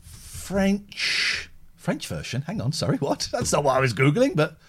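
A man's voice: on the high side, brisk, husky. A middle-aged man hosting a livestream and chatting casually, acting out voices when he tells a story. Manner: animated, acts out voices in anecdotes. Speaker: livestream host. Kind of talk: casual chat.

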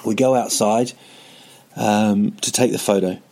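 A male comedian rambling through a story with plenty of self-mocking detours. His voice is low and gravelly, with a creaky fry at the ends of his phrases. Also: steady tone, unhurried, warm tone. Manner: digressive, self-mocking asides.

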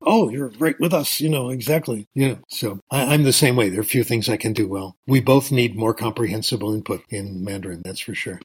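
A man's voice: on the low side, a little fast, few pauses, slightly rough. An older man, a language researcher, speaking as an interview guest and telling stories with wry asides. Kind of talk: casual interview talk.

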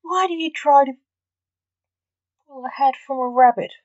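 A woman voicing a curt, weary male magician who works as a coroner, with sharp, clipped retorts, in a storybook reading. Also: sits high, measured pace, dry recording, dull audio, pitched above the performer's own voice. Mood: snappish.

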